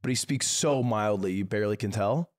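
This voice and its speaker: A man's voice: fairly low pitch, a little fast. A man co-hosting a podcast, laid-back and wisecracking in casual chat. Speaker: podcast co-host.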